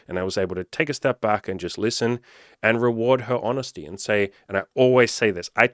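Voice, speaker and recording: A man's voice: on the low side, fast talker, dry recording, studio quality. A young adult man coaching casually, blunt and full of swearing and "like" fillers. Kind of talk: casual advice monologue.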